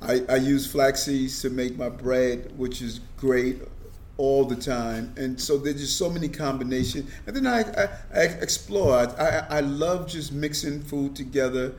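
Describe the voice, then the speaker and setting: A man's voice: mid-range voice, fairly even intonation, unhurried, darkish tone, a little hiss or hum. A middle-aged man talking earnestly as a guest in an interview, often repeating a word as he starts a sentence. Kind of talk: casual conversation.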